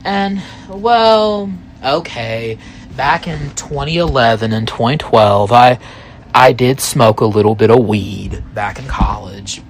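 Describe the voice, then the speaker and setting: A man in his thirties telling a first-person story, rambling and halting, full of asides. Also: mid-range voice, slight background noise.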